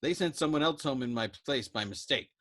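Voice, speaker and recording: A man's voice: medium pitch, a little fast, fairly bright tone, voice pushed up, lightly acted. A man voicing a frantic young airman who argues emphatically. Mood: agitated. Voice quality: emphatic, agitated. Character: frantic young male bombardier.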